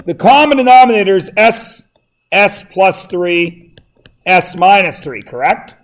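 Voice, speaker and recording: Man, math teacher, high voice, joking, teasing students, classroom lecture. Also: animated, a little slow.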